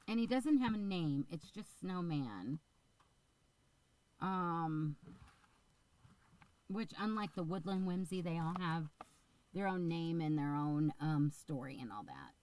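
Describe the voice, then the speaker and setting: A woman's voice: fairly low pitch, poor audio. A middle-aged woman vlogging about her crochet in a casual, rambling way, with lots of ums and second thoughts. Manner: rambling, filler-heavy, chatty and unsure. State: getting the hiccups. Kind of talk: casual chat to camera.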